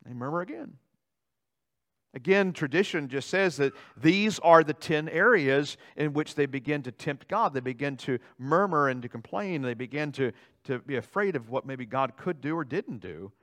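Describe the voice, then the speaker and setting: Man, pastor, sermon, fairly high voice, animated delivery, loud and soft swings. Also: moderate pace. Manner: animated preaching, swings from loud dramatic outbursts to low asides. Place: church sanctuary.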